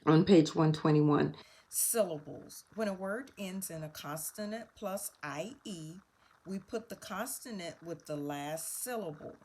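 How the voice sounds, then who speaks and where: A woman's voice: fairly low pitch, measured pace, a little mellow. A woman teaching a spelling lesson, patiently spelling words out letter by letter and walking through each answer.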